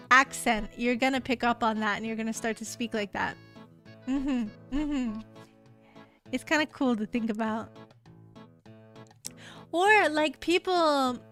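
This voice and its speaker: A woman's voice: on the high side, fairly bright tone. An American woman streaming, chatting casually with her viewers in a rambling way, full of fillers. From United States.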